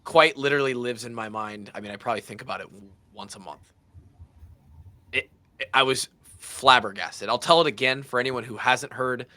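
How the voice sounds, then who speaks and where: A man in his thirties hosting a podcast, telling a story in a casual, animated way and acting out the voices of the people in it. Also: medium pitch, a little fast. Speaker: podcast host.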